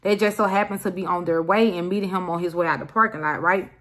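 A young woman vlogger telling a storytime story in an animated, emphatic way. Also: fairly low pitch, fast talker. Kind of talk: casual storytime.

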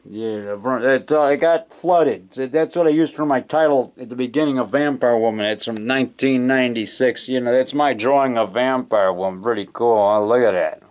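A man's voice: medium pitch, moderate pace, hardly any pauses, darkish tone. A man, a filmmaker, giving a rambling, self-correcting show-and-tell of his collection in his home basement, recorded on a camcorder. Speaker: filmmaker and vlogger. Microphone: handheld camcorder mic.

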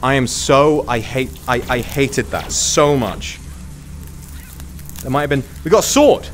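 A man's voice: medium pitch, measured pace, soft background music. A man giving live gameplay commentary as a streamer, swearing often and breaking into panicky outbursts.

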